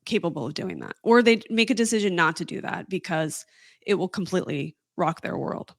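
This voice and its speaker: A woman's voice: on the low side, brisk, vocal fry, dry recording, studio quality. A woman guest on a podcast, chatting casually and giving confident, analytical opinions. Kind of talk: casual chat.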